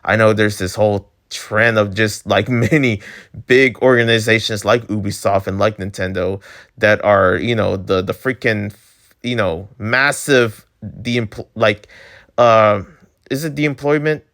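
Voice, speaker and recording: A man's voice: lowish voice, fairly even intonation, unhurried, fairly bright tone. A man ranting casually to his viewers, rambling and exasperated, with lots of filler words. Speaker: channel host. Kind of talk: casual rant to camera.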